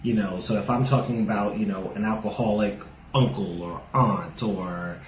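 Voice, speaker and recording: A man's voice: fairly low pitch, steady tone, normal speed, echoey room, a little hiss or hum, poor audio. A man with a New York accent tinged with Southern sounds, a stand-up comic chatting as a podcast guest with many "you know" fillers. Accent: New York with a Southern lilt. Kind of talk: casual podcast interview.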